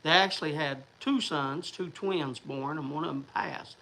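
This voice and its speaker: A man chats loosely with his viewers, wandering from one thought to the next. His voice sits fairly high and has a gravelly fry. It sounds bright, with a faint hum of room noise behind it. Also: normal speed, low-quality recording. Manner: rambling, chatty, restarts and fillers. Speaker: livestream host. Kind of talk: casual livestream chat.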